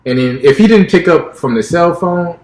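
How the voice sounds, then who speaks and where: A young man co-hosting a podcast tells a personal story in casual chat, acting out the dialogue and restarting often. His voice is a little high and darkish, with lively intonation at a normal speed. The room is echoey.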